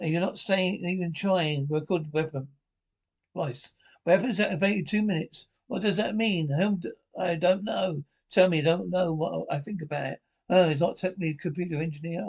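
Male reader, slightly high voice, reads each line of a drama straight and calls out the sound cues and who is speaking in between.

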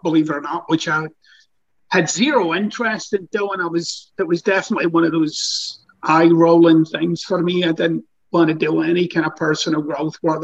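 Gravelly Scottish man on a dull line. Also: a little high. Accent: Scottish, softened by years in the US. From Scotland. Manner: relaxed, candid, wry storyteller. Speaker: author and coach, podcast guest. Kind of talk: casual interview answers.

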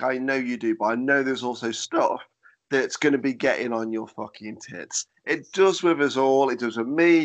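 A man's voice: medium pitch, a bit bright. A man hosting a podcast, chatty and casual, swearing freely as he sets up a game. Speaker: podcast host.

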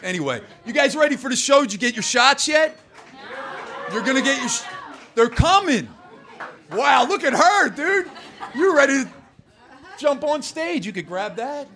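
A man's voice: very high-pitched, big pitch swings, normal speed, long pauses, bright, forceful tone, slight background noise. A man doing live stand-up crowd work on a comedy club stage, loose, profane and teasing the audience.

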